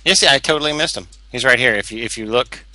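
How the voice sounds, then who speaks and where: A man's voice: mid-range voice, quick pace, bright, forceful tone, dry recording, rough recording. A man chatting casually while playing a game, playful and fond of putting on accents. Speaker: game player. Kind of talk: casual gameplay chat.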